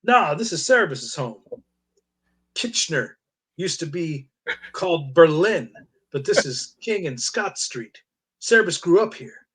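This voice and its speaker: A man with a husky voice reading the lines of a world-weary male aardvark who speaks of himself in the third person. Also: a little high, big pitch swings, measured pace, long pauses, fairly bright tone, exaggerated voice.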